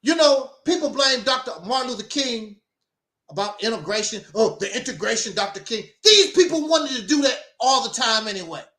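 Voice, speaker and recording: A man's voice: very high voice, animated, moderate pace, sharp tone, roomy sound. A man hosting his own talk program, delivering an emphatic, preachy monologue with mocking asides. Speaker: host. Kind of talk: opinionated talk show monologue.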